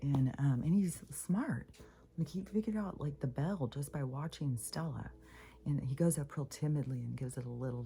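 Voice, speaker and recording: Woman rambling on her spiritual vlog, super deep gravelly voice, lots of ums and whispery bits. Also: normal speed, mellow, a little hiss or hum. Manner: rambling, many fillers, drops into whispery asides. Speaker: vlogger. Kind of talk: casual spiritual vlog monologue.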